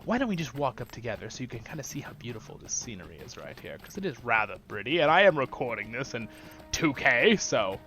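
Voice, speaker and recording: A man's voice: mid-range voice, sing-song, fast, sharp tone, faint music behind. A man hosting a gaming channel, chatting enthusiastically and rambling while he plays. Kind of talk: casual gameplay commentary.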